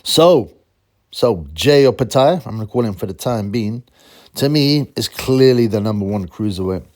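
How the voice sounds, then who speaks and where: A man's voice: fairly low pitch, expressive, normal speed, a little mellow. Rambling man hosting a boxing channel. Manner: rambling, exasperated, mocks critics in put-on voices. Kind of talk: casual solo commentary.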